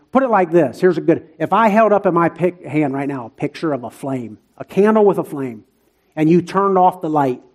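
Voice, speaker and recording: Church elder guy preaching, kinda high voice, earnest and repeats himself a lot. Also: a little mellow. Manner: earnest, repetitive emphasis, folksy grammar. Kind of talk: sermon.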